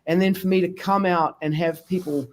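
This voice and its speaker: In a casual interview on his podcast, the host spins lively stories and performs the voices of people he quotes. He talks briskly in a voice that sits high.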